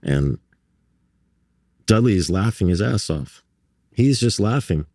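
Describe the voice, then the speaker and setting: A man from New York and Barbados tells his stories in a very low voice. He jumps into other people's voices as he goes, stumbling and restarting along the way. The sound is dry and close, with no room around it. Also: expressive, slow, dark tone, no echo. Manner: frequent restarts and fillers. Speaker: guest artist. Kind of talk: conversational storytelling.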